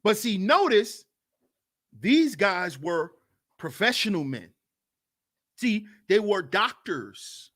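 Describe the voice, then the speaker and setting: An animated man hosts a livestream, his high voice leaping up and down as he mocks and asks "you see?" His tone is bright and cutting. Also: slow, pauses often. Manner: animated, mocking, keeps asking "you see". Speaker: podcast host. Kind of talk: livestream commentary.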